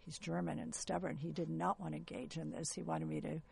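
A woman's voice: sits low, flat delivery, brisk, vocal fry, a little mellow, a little hiss or hum. A woman gynecologist explaining earnestly as a guest in an interview.

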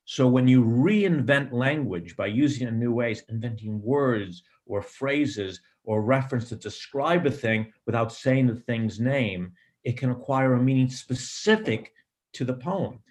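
A middle-aged man, a screenwriter, giving reflective interview answers in a thoughtful, digressive way with many pauses and ums. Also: medium pitch. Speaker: screenwriter and director.

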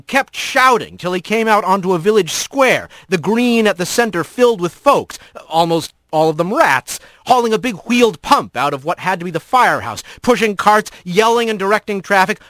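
A man's voice: high voice, fairly bright tone, dry recording. A man narrating a scripted storybook adventure with a vivid, varied reading.

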